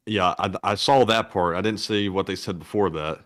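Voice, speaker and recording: A man with a lowish voice, co-hosting a casual livestream. He reads donations in an easygoing way and slips in dry jokes. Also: moderate pace, fairly bright tone. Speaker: co-host and chat moderator.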